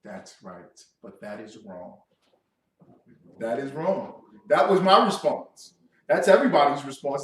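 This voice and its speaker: A man's voice: high-pitched, sing-song, slow, long pauses. A man giving a classroom sermon as a religious teacher, preaching with lots of rhetorical questions. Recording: echoey room, distant mic.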